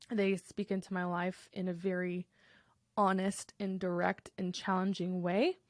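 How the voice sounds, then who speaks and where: A woman's voice: medium pitch, no echo. Young woman, solo podcast host, candid and reflective, close dry sound. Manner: candid, reflective, conversational with fillers and restarts.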